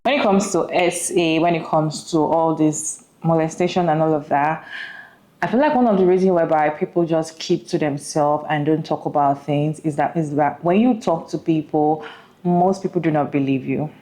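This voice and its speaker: A woman's voice: low voice, moderate pace, dark tone, rough recording. A woman hosting a reaction video, giving earnest commentary and putting questions to her viewers. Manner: earnest, talks to viewers with questions, restarts mid-sentence. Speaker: host reacting to a clip.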